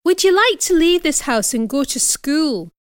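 A woman voicing a gentle, concerned male doctor who asks questions kindly in a storybook reading. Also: high voice, big pitch swings, unhurried, dry recording, studio quality, pitched above the performer's own voice.

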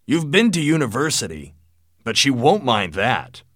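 A man voicing a blunt, wealthy old father who lectures his son forcefully, in a lively but dry-sounding reading. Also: medium pitch, measured pace, no echo, pitched above the performer's own voice.

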